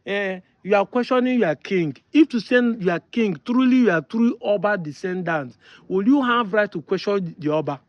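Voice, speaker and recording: High-voiced, insistent Nigerian man. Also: no echo, dull audio. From Delta State, Nigeria. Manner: emphatic, insistent, repeats points. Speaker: online commentator. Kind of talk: opinion monologue to camera.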